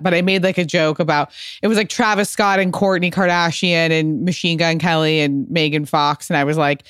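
A woman hosting a casual interview, chatty and quick to laugh. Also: low voice, no echo. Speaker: podcast host. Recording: dry close mic.

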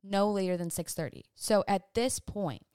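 A young woman tells a scary hotel story to her viewers in a casual, animated rush, full of "like" and restarts. Her voice sits in a middle range for a woman. The sound is close and dry, with no room around it. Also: medium pitch, normal speed, clean tone, no echo. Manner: animated, breathless retelling with many fillers. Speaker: vlogger.

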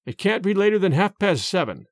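Male reader doing a solemn, urgent peasant father in a storybook, dry close sound, lively pitch. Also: a little fast, dry recording. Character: fearful, stern peasant man, head of household. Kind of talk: audiobook character reading.

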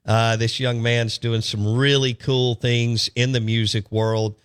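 A man hosting a radio show, upbeat and quick to plug events. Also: mid-range voice, level tone, smooth, no room sound. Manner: upbeat, laughs easily, plugs events. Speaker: radio sports show host. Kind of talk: casual radio chat.

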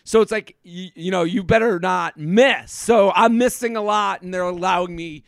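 A man co-hosting a podcast, a comedian telling animated stories and acting out what people said, in casual chat. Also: high voice, normal speed, gravelly, no echo, studio quality. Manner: animated storyteller, acts out quotes.

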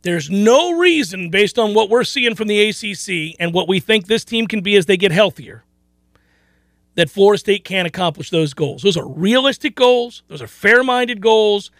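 Animated high-voiced male sports radio host. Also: moderate pace, dry recording. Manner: animated, laughs often, repeats phrases. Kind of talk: casual sports talk radio.

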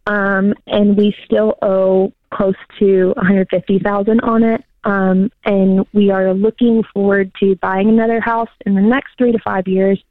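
A woman's voice: medium pitch, level tone, measured pace, few pauses, no room sound. A woman calling in to an advice show, speaking hesitantly with many fillers. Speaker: caller. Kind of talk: phone call-in. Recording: tinny phone line.

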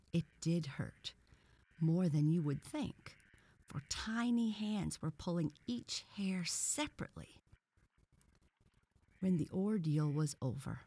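Woman reading a kids story aloud, calm and even, low voice, dry sound. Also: vocal fry, breathy edge, no room sound. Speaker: narrator. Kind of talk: audiobook reading of a children's story.

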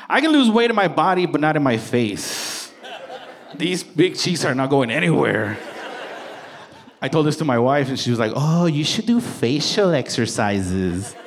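A man in his thirties performing a playful, conversational stand-up set, slipping into quick voices for his wife and kids. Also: medium pitch, vocal fry. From Salvadoran heritage. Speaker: stand-up comedian. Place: comedy stage before a live audience. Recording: live crowd laughter and room noise.

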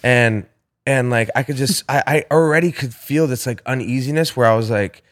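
A young man tells a rambling story to his friends, peppering it with curses and filler words. His voice sits at an ordinary pitch and he speaks casually. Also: normal speed. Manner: animated, swearing, heavy filler words.

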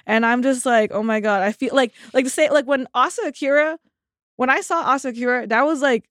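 A woman's voice: high voice, brisk, a bit bright, no echo, studio quality. A young woman in her twenties from Los Angeles, a podcast guest chatting casually and filling her talk with "like" and "dude". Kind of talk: casual chat.

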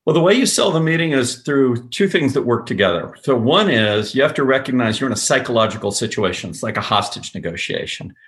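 A man's voice: mid-range voice, expressive, brisk, few pauses, a bit bright. A man talking as a podcast guest, telling stories emphatically and acting out quoted dialogue. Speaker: podcast guest, sales executive. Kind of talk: podcast interview.

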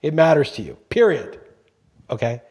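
Husky, emphatic man ranting on a podcast. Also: fairly high pitch, sing-song, moderate pace, darkish tone. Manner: emphatic, swears freely when ranting. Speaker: podcast co-host. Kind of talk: casual podcast chat.

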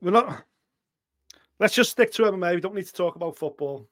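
A man co-hosting a sports podcast, chatty and excitable with frequent swearing. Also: high voice, fairly quick. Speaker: podcast co-host. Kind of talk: casual chat.

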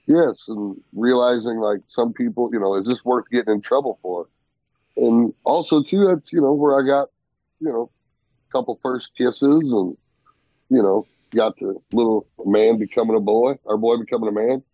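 A man's voice: mid-range voice, moderate pace, dry recording, highs cut off. A man co-hosting a podcast, casually telling easygoing stories from his past. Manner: easygoing, nostalgic storytelling. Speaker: podcast co-host.

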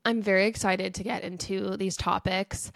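A woman's voice: medium pitch, fairly even intonation, normal speed, gravelly, no room sound. Congested woman podcast co-host, dry sound. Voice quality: nasal. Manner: chatty, self-deprecating. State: congested with a cold. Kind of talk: casual chat.

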